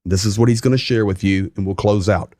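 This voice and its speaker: A man's voice: fairly low pitch, fairly even intonation, brisk, darkish tone, no room sound, clean studio sound. A man hosting a casual livestream, chatting and reading viewer comments aloud with emphasis. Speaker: livestream host.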